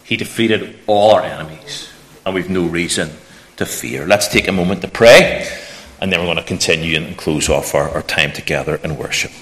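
A man preaching a lively children's talk in church, asking the children questions. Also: low-pitched, moderate pace. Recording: echoey church room.

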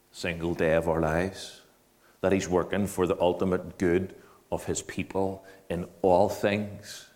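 Animated male preacher, lowish voice. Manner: animated, swings from quiet to loud mocking. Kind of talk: sermon.

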